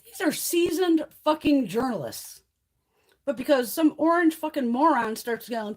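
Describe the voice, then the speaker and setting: A woman's voice: high voice, animated, normal speed, a little mellow. A woman hosting a casual livestream chat, ranting heatedly and swearing freely. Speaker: beauty vlogger hosting a livestream.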